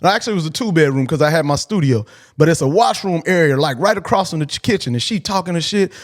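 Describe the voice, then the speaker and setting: A man's voice: on the high side, expressive, fast talker. A man hosting a podcast, telling a personal story in a casual, blunt and profane way. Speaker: podcast host.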